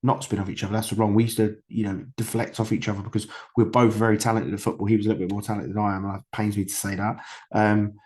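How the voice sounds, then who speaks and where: Man in his thirties from the UK, podcast guest, rambling candid storytelling, fillers and swearing, lowish voice. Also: little pitch movement, fast, darkish tone. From United Kingdom. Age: 30s.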